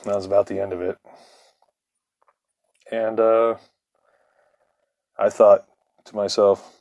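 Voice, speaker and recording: A man's voice: fairly low pitch, flat delivery, slow, pauses often, darkish tone, no room sound. A man, the host, telling a long personal story in a casual, profane way, laughing often and acting out what others said. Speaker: podcast host.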